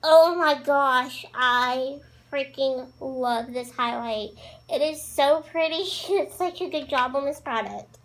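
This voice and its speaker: A woman's voice: sits high, takes it slowly, fairly bright tone, low-quality recording. A woman chatting casually through a makeup tutorial, bubbly and gushing about the products. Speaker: beauty vlogger.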